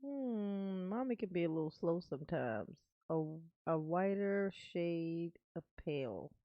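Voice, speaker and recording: A woman's voice: fairly low pitch, lively intonation, unhurried, no room sound, highs cut off. A woman hosting a casual livestream, chatting with viewers in a laid-back way and swearing freely. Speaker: livestream host reading viewer comments.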